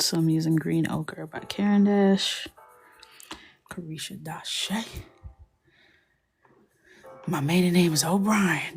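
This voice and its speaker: Woman, young adult, livestream coloring host; slow, lowish, chatty and teasing, often murmuring under her breath. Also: husky, faint music behind. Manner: chatty and joking, often drops to a soft murmur. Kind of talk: casual chat while coloring.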